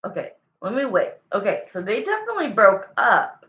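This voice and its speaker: A woman's voice: medium pitch, wildly swooping pitch, fairly quick, a bit bright. A woman giving a live tarot reading, thinking aloud as she pulls cards and repeating her questions to the cards. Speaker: tarot reader. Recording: roomy, dull lo-fi sound.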